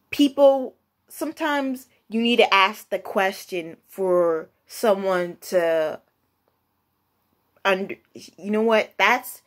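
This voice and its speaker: A young woman telling a story in a casual, rambling monologue, with many restarts and excited rises in pitch. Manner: lively pitch jumps when excited. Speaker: vlogger.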